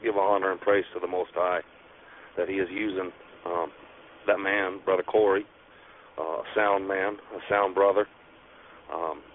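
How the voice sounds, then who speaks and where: A man, a church elder, calling in to a radio show, earnest and halting with many pauses. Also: deep voice. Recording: phone line with faint noise.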